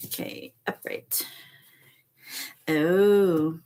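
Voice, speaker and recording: A middle-aged woman hosting a spiritual vlog, talking softly and slowly with emotional pauses. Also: low voice, lively intonation. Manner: slow, soft and emotional, reads aloud with pauses. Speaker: channel host reading oracle cards.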